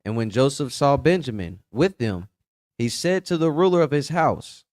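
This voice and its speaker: A man reading archaic scripture aloud in a steady, plain way during a Bible study. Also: medium pitch, normal speed, no echo, clean studio sound.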